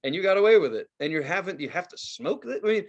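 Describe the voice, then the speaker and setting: A man co-hosting a podcast, telling a story in casual chat, swearing a lot and acting out quotes loudly. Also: sits high, quick pace, dull audio. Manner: profane, animated storytelling with loud acted-out quotes. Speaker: podcast co-host.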